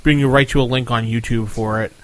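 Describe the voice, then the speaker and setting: A man co-hosting a casual gaming podcast, sharing quick anecdotes. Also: medium pitch, steady tone. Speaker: podcast co-host. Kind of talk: casual chat.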